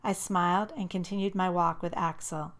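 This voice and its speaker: A woman narrating a first-person audiobook in a lively, expressive way. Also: lowish voice, normal speed.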